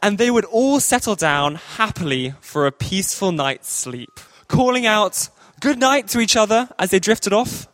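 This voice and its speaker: Playful male storyteller for a church kids' story, high animated voice, dry sound. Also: moderate pace, hardly any pauses, dry recording. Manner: playful, jokey asides. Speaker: children's story teller in church. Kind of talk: lively read-aloud storytelling.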